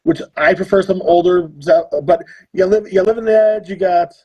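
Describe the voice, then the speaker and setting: A man's voice: high-pitched, fairly even intonation, normal speed, darkish tone, muffled recording. A man in his thirties hosting a livestream, chatting casually and jokily as he reads out the matchups. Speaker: livestream host. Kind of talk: casual chat.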